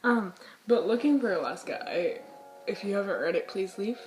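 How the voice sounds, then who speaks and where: A young woman vlogging about books in casual chat, hoarse and losing her voice, rambling with dramatic outbursts and giggles. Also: mid-range voice, expressive, normal speed. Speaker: book vlogger. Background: soft music.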